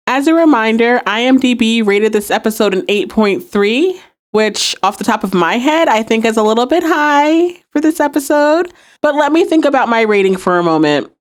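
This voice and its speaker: A woman hosting a podcast, recapping and reviewing a TV episode and acting out quoted lines. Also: medium pitch. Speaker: podcast host.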